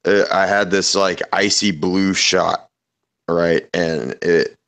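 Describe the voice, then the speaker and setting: A man's voice: sits low, fairly even intonation, slow pace, a bit bright. A man in casual chat on a voice call, telling rambling, profane stories and laughing often. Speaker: podcast host.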